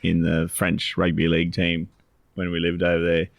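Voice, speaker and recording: A man in his forties talks casually on a podcast, his voice low with a gravelly edge. He rambles, circling back and restarting his sentences. The sound is close and dry. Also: monotone, normal speed, dry recording. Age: 40s. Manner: rambling, many restarts and fillers. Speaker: co-host, financial adviser.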